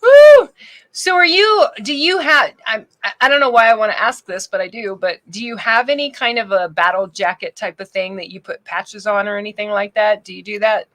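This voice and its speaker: A woman's voice: mid-range voice, brisk, few pauses, sharp tone. A young woman from Louisiana co-hosting a live-stream interview, chatty and rambling in a bubbly way. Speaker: co-host. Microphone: home microphone on a live stream.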